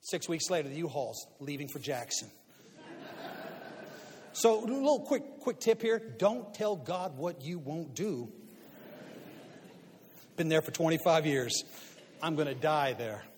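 Middle-aged male speaker, high voice, lively storytelling before a crowd, long hall echo. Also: a little slow, long pauses, a little hiss or hum. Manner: animated storyteller, swinging from quiet asides to loud punchlines. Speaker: guest speaker and media commentator. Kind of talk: storytelling talk to a live audience. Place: large hall before an audience. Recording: long reverb of a large hall.

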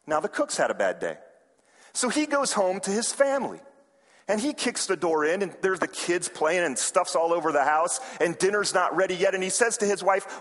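High-voiced preacher in a reverberant hall. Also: male voice, normal speed. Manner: animated, acts out quoted characters with raised voice. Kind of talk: sermon with storytelling. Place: large hall or sanctuary.

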